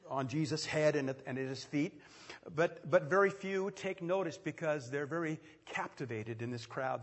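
A man preaching a sermon, telling the story with quick asides and sudden loud swells. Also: mid-range voice. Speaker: pastor. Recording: echoey hall with long reverb.

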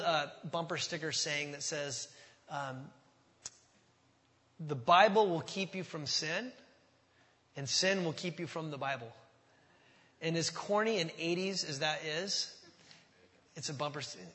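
A man's voice: on the high side, moderate pace, a bit bright, in a large hall. A man preaching a sermon, talking in a conversational way and asking the congregation questions. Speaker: pastor.

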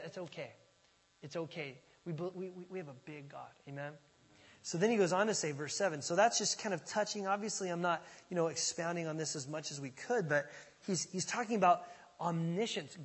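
A man preaching a sermon as pastor, talking conversationally and with animation, swinging from loud emphasis to hushed asides. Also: sits high, breathy edge. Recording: long reverb of a large hall.

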